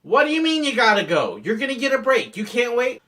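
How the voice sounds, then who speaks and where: A man's voice: very high voice, very animated, brisk, fairly bright tone, voice pushed up, exaggerated voice. A man quoting an exasperated woman manager. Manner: exasperated, scolding questions. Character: annoyed female ride manager.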